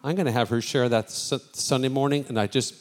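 A man's voice: medium pitch, fairly even intonation, brisk. Chatty pastor man talking to his church. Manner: chatty and spontaneous, addressing the congregation. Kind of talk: casual sermon talk.

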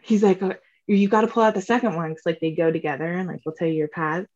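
Young woman, casual storytelling, acts out quotes, fairly low voice, dull lo-fi sound. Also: fast talker. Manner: animated, acts out quotes, swears, says "like" often.

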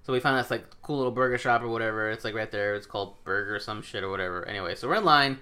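A man's voice: lowish voice, very fast, bright, forceful tone. A young man tells a long story in casual chat, swearing freely and acting out his friends' lines.

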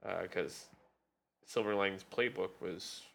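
A man's voice: low-pitched, fairly even intonation, measured pace, gravelly, fairly bright tone. A man co-hosting a podcast in casual chat, dry and laid-back, listing things off as he goes. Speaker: podcast co-host.

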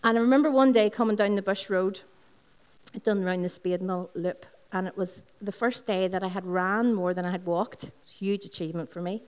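A woman's voice: medium pitch, fairly quick, clear, resonant tone. A woman pastor with a Northern Irish accent delivers a sermon in a mid-range voice. She tells her own stories, repeats phrases for effect and asks the congregation questions. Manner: personal storytelling with repeated phrases, talks to the congregation. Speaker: lead pastor. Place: Sunday service in a school hall.

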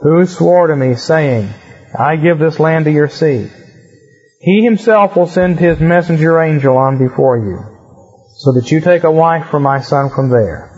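An aged patriarch lays down solemn orders in a husky, somewhat high voice, read aloud by a man. The delivery stays close to a plain reading of scripture. The sound is muffled and lo-fi. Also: measured pace, darkish tone, soft background music. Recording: muffled lo-fi recording.

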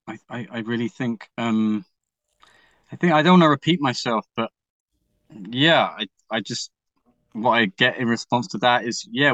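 Bright-voiced English man, rambling and heartfelt. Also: mid-range voice, dry recording, lo-fi sound. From England. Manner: rambling and emotional, with many restarts and casual swearing. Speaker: musician guest. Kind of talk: candid conversational storytelling.

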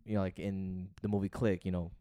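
A man's voice: low voice, flat delivery, brisk, mellow, smooth, no echo, studio quality. A young man co-hosting a podcast, telling a long story in a loose, rambling way full of fillers and swearing. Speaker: podcast co-host. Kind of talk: casual chat.

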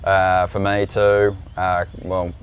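A man's voice: sits low, slow pace, clean tone. A middle-aged Australian man, a surf commentator, telling stories in a laid-back way on a casual podcast. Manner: laid-back, relaxed storytelling.

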